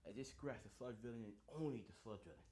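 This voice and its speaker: A man's voice: fairly low pitch, animated, fast, a little mellow. A man casually narrating a fan story in a rambling way, with many fillers and restarts.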